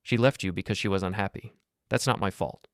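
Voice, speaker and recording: A man's voice: low voice, a little fast, no room sound, clean studio sound. A man voicing a nervous, defensive younger man who answers curtly, in a read-aloud story. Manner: defensive, curt.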